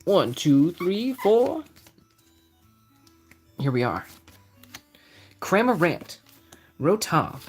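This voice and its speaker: A man's voice: high-pitched, big pitch swings, extremely slow, pauses often, husky. Chatty young man opening card packs. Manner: chatty, reads out card names, answers chat. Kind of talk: casual live-stream chat. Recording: faint music behind the voice.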